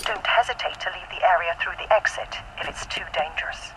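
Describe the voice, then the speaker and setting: A woman voicing a calm female game announcer who gives survival warnings in a low, partly whispered delivery. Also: a little fast, very noisy, natural voice. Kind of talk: scripted game announcer lines.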